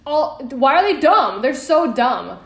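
A woman's voice: high-pitched, lively intonation, measured pace, creaky. A young woman co-hosting a podcast, chatting casually and swearing freely as she tells stories about her new job. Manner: candid storytelling, swears freely. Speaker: podcast co-host. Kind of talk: casual chat. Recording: echoey room, faint noise.

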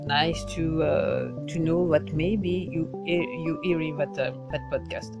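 A woman's voice: deep voice, steady tone, a little slow, muffled recording, loud music behind the voice. A woman with a French accent, a singer-songwriter, casually introducing herself on a podcast, hesitant with many fillers and restarts. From France.

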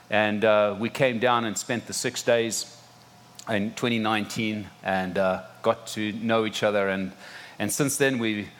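A man's voice: medium pitch, a bit bright. Zimbabwean-accented man, chatty preacher. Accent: Zimbabwean English. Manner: chatty, self-deprecating, many restarts and fillers. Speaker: visiting pastor. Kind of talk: sermon opening. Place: church sanctuary.

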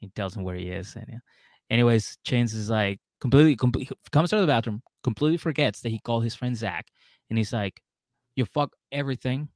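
Animated swearing man telling a story. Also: fairly low pitch, fast, dry recording, studio quality. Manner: animated, acts out drunk characters in loud outbursts, heavy swearing. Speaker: podcast co-host. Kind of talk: casual storytelling chat.

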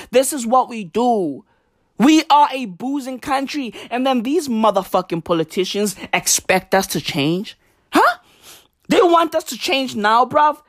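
A woman's voice: on the high side, no room sound, studio quality. A woman delivering a comedic rant, profane and slangy, hammering her points with repetition. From South Africa.

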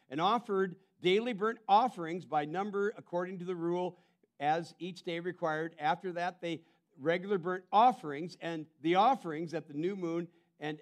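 A male pastor delivering a sermon in a fairly high voice. He swings from emphatic, raised calls to hushed, intense asides, often doubling back on words as he drives a point home. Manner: emphatic preaching, drops to quiet intensity; repeats words and restarts phrases.

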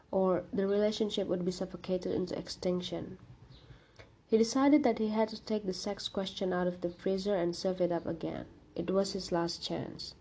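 Woman reading a short story, husky voice. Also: mid-range voice, a little mellow. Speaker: reader.

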